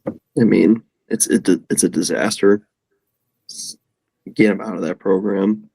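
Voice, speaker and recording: A man's voice: fairly low pitch, steady tone, measured pace, gravelly, dark tone, no room sound, low-quality recording. A young man calling in over a video call to give betting picks, hesitant, with lots of ums and repeats. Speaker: regular panelist. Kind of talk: casual sports betting picks. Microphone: home setup over video call.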